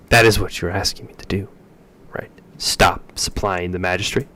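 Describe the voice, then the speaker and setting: A man's voice: on the low side, measured pace, a little hiss or hum, lightly acted. A man voicing an irritable, busy male city official who talks curtly and repeats himself impatiently. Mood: shouting. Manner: impatient, curt, stammering repeats.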